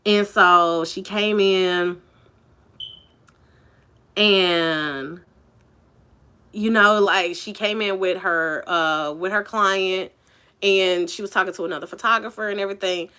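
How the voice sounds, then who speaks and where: A woman's voice: medium pitch, steady tone, slow, long pauses, pushed and bright, clean tone. A woman telling a personal story in a casual vlog, chatty and candid, full of "like" and "you know".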